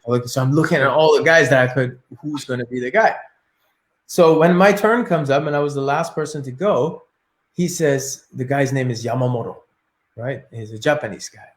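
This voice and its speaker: A martial arts teacher telling a story in an interview, animated and acting out his inner thoughts. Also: mid-range voice, normal speed. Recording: echoey room.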